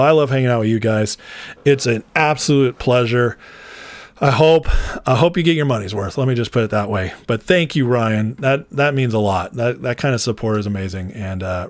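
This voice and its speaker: A man's voice: medium pitch, no echo. A man hosting a casual political commentary livestream, chatty and rambling, laughing often as he talks to his viewers.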